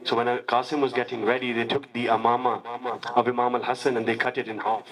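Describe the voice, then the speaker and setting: A man delivering a Muharram sermon, telling a tragic story that sinks low and soft, then swells into loud wailing. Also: level tone, quick pace, crowd noise, low-quality recording. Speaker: preacher.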